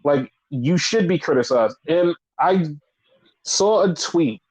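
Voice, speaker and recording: A man's voice: fairly high pitch, expressive, slow pace, a little mellow, low-quality recording. A man co-hosting a casual wrestling podcast, ranting with lots of swearing and repetition. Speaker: podcast co-host.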